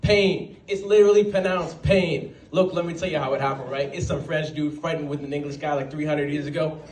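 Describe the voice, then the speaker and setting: A man performing a stand-up comedy set at an open mic, telling stories with quick asides. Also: on the high side. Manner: animated storytelling with quick asides and put-on voices. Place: small venue at an open mic night. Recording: roomy sound, voice from a distance, faint background.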